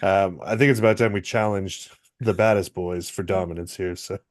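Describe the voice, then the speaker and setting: Brief: male comedy co-host, lowish voice, dry deadpan delivery. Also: moderate pace. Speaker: podcast co-host. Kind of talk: casual comedic chat.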